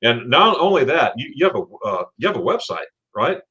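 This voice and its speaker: A man's voice: mid-range voice, big pitch swings, a little fast, bright, forceful tone, breathy edge, highs cut off. A man hosting a casual livestream, chatting with a guest and reading viewer comments aloud, with frequent restarts. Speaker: livestream host.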